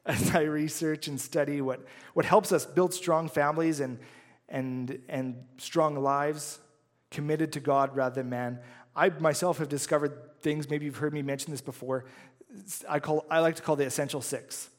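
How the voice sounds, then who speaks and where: A man's voice: fairly high pitch, steady tone, moderate pace. A man preaching a sermon as pastor, earnest and conversational, often checking in with the congregation. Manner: earnest, conversational preaching with frequent "right?" asides. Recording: long reverb of a large hall.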